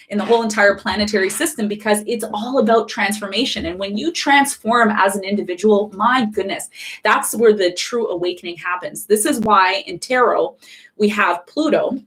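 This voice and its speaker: Fast-talking woman hosting a live astrology stream. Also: medium pitch, fairly bright tone. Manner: emphatic, repetitive, asks viewers questions. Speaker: astrology channel host. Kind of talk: live-streamed casual teaching.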